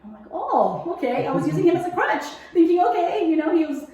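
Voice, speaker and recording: Her voice is very high-pitched and mellow, and she talks very fast. This woman is a guest relating her faith testimony in an easygoing interview, animatedly acting out what she once thought, recorded in a strongly echoing space.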